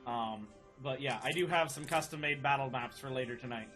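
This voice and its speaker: A man running a tabletop game as dungeon master, animated and laughing often. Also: medium pitch, brisk, soft background music.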